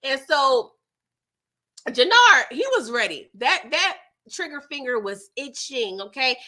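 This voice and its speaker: Woman host with a bright, sharp voice, telling a show recap in a slangy, expressive way. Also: high-pitched, a little slow. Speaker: TV recap vlogger. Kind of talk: casual episode recap commentary.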